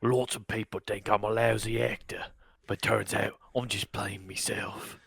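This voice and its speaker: Man doing an impression of an English action tough guy, low deadpan mumble, quiet. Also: moderate pace, gravelly, crowd noise. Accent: put-on English.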